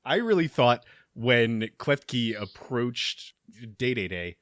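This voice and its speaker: A man talks slowly and thoughtfully on a comedy podcast, setting up his jokes with care. His voice is bright and sits close to a dry mic. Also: medium pitch, sing-song, no room sound. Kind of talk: casual comedy chat.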